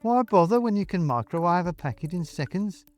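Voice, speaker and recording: A man's voice: high-pitched, expressive, fairly quick, faint music behind, voice pushed up. A man voicing a grumpy coworker who is blunt and dismissive. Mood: scornful.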